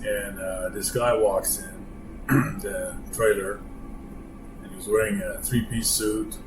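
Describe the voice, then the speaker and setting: Man, low register, halting plainspoken storyteller; echoey room with loud air-conditioning hum. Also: fairly even intonation. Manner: plainspoken, halting with frequent pauses. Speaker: longtime company employee sharing stories. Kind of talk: casual storytelling.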